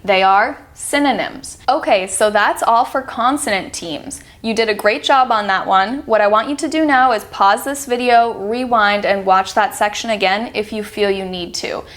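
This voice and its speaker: A woman teaching pronunciation in a video lesson, speaking at an unhurried, deliberate pace. Her pitch sits in an ordinary middle range. She is patient and stretches out each example word so learners can copy it. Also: a bit bright. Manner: slow, patient, drawing out model words. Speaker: accent reduction teacher.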